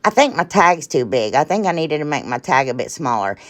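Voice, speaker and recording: Brief: woman host, low voice, loose rambling craft tutorial talk, keeps saying y'all and sorry. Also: sing-song, brisk, fairly bright tone. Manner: rambling, chatty, often trails off and apologizes; addresses viewers as y'all. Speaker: DIY crafting channel host. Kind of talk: casual craft tutorial narration.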